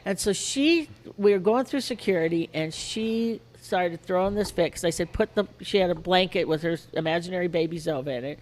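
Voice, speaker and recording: Older woman, podcast guest, lower-pitched voice, animated, swears freely. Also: fairly quick, few pauses. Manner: animated, swears casually, acts out shrill child voices. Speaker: guest storyteller. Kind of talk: casual podcast storytelling.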